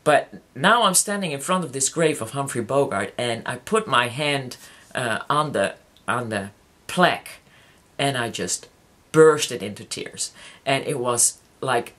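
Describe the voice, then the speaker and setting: Halting, heartfelt vlogger talking to subscribers. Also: mid-range voice, animated, fairly bright tone. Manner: halting, many restarts and fillers; openly emotional, heartfelt. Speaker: YouTuber addressing subscribers. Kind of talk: casual personal vlog.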